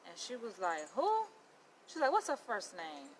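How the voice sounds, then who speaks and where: A woman's voice: fairly low pitch, big pitch swings, normal speed, a little hiss or hum, rough recording. A young adult woman, chatting to her viewers and retelling a story with lots of quoted dialogue. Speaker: vlogger.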